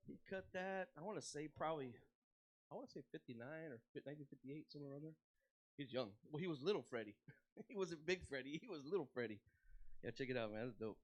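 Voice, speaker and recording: Lively, rambling male DJ. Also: on the high side, quick pace. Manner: rambling, many fillers and restarts, slangy, swears. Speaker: DJ and record store owner. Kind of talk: casual storytelling between records.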